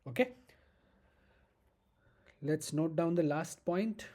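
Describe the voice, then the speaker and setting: With a mellow, mid-range voice and an Indian English accent, a law lecturer teaches an exam-prep lesson slowly and emphatically. He goes over key points more than once and keeps checking in with "okay?".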